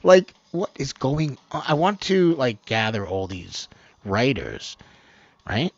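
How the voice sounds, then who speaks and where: A man with a gravelly voice talks slowly and lazily, rambling through his own homemade news commentary. His pitch leaps all over the place, from low muttering to loud, laughing outbursts. The sound is dry and dull, like a cheap lo-fi mic. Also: very animated, dry recording. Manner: rambling, swears, laughs often, swings from mumbling to loud outbursts. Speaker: host of an amateur online news show.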